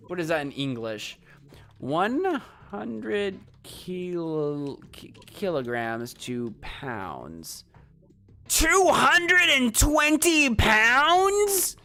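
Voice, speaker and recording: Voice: mid-range voice, a bit bright. A streamer giving playful, rambling commentary while playing a video game live and talking to chat.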